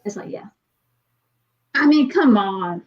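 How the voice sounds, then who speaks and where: A woman telling rambling, animated stories in a casual chat, often acting out what others said. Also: medium pitch, slow, muffled recording. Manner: rambling, animated storytelling with acted quotes.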